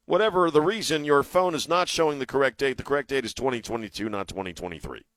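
A man voicing a stubborn, insistent chatbot, reading its lines quickly on talk radio. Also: mid-range voice, a bit bright, no room sound, lightly acted.

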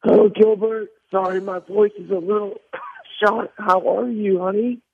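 A man putting on the voice of a sick woman calling in, raspy and coughing, heard over the phone. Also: high voice, steady tone, normal speed, exaggerated voice. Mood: sweet, coughing. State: coughing, voice shot. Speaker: caller. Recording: tinny phone line.

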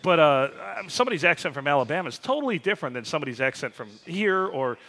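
A man's voice: fairly high pitch, lively intonation, fast, pushed and bright. A man in his forties, a podcast co-host, telling rambling, joking stories and swearing casually. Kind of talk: casual chat.

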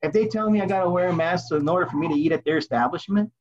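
A man from Texas and Idaho holds forth bluntly, firing off rhetorical questions and answering them himself. His voice sits a little high. The audio is dull and lo-fi, as if it came over a weaker remote line. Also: very fast. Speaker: podcast guest. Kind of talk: casual chat.

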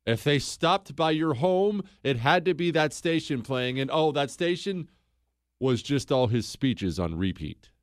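A man's voice: medium pitch, measured pace, dry recording, studio quality. A man hosting a casual history podcast, telling events with sarcastic asides and acting out quoted lines. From United States. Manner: sarcastic, animated, acts out quotes. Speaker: podcast host.

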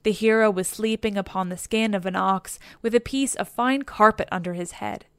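A woman reading an epic poem aloud as scripted narration, in a measured, steady way. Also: mid-range voice, clear, resonant tone, no echo, clean studio sound. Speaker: audiobook reader.

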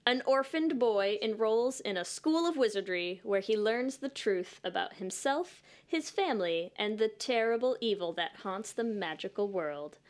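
A woman's voice: mid-range voice, animated, normal speed, hardly any pauses. A woman hosting a podcast, chatting casually and joking with her guests. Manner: playful, laughing, joking. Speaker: podcast host.

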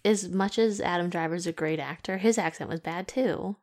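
A woman's voice: lowish voice, normal speed. A woman co-hosting a casual podcast, chatty and sarcastic, often breaking into laughter. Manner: sarcastic, teasing. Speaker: podcast co-host.

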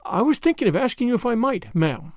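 A man's voice: extremely high pitch, big pitch swings, fairly quick, no echo, clean studio sound, pitched above the performer's own voice. A man doing a demure young housemaid. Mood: meek. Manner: meek, polite.

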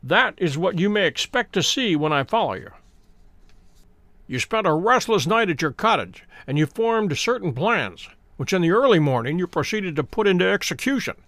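A man reading a calm, commanding detective. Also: sits high, dry recording, full character voice. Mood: stern. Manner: calm, measured, authoritative. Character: cool, precise, commanding male detective. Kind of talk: dramatic audiobook reading.

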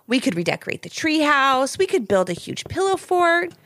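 A squeaky, excitable little girl, stubborn and a bit whiny, voiced by a woman reading a storybook. The voice sits far above a normal speaking pitch and leaps up and down a lot. The sound is close and dry, with faint music. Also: normal speed, no room sound. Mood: excited.

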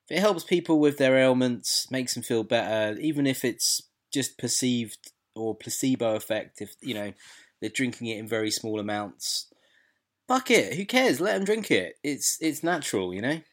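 British man, podcast co-host, animated, opinionated, casual swearing. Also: mid-range voice, normal speed. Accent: British English. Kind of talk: casual chat.

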